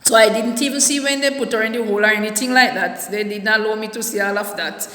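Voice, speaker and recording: A woman telling a personal story in a halting, soft-spoken way, often repeating her words. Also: on the high side. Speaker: vlogger. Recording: echoey room with long reverb.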